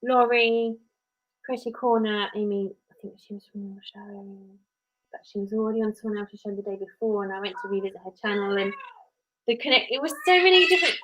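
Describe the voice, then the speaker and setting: This English-accented live-stream host, a mum working from home, rambles in a friendly, chatty manner to her viewers and her child together. Her mid-range, somewhat bright voice moves fairly quickly. The recording quality is low.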